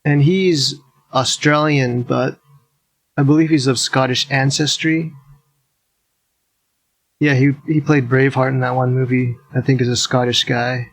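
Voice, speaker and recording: A man's voice: mid-range voice, fairly even intonation, unhurried, long pauses, no room sound. A man hosting his own podcast, talking alone in a rambling, blunt, offhand way with casual swearing. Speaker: podcast host. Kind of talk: casual solo podcast monologue.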